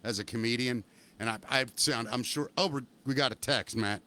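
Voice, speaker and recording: A man's voice: mid-range voice, a little fast, pushed and bright. A man hosting a casual live talk show, rambling and hedging with upbeat plugs for listeners. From Baltimore, Maryland. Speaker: podcast host.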